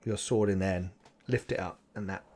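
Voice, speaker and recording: A man with a lowish voice runs a tabletop game as game master. He narrates loosely and rambles, with plenty of fillers and chuckles along the way. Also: fairly even intonation, brisk, a little mellow.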